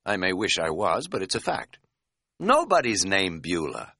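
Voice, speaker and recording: A man's voice: low voice, huge pitch swings, normal speed, sharp tone, husky, no echo, studio quality, full character voice. A man voicing a crude, joking middle-aged male hiker who is folksy and pleased with his own quips, in an audiobook. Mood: boastful.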